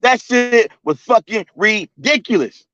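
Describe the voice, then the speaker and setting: A man's voice: high voice, animated, sharp tone, no room sound. A man hosting a livestream, ranting in a profane, mocking way with heated energy. His voice comes through dull, lo-fi stream audio. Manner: profane, fast-talking, mocking. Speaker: streamer host.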